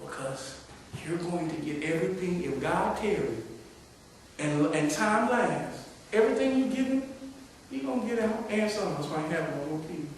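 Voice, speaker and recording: Male pastor, middle-aged, high-pitched sermon delivery from quiet to loud playful scolding; very echoey church, faint hiss. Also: expressive, normal speed. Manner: swings from hushed talk to loud, playful scolding. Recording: very echoey hall, far-off mic, faint hiss.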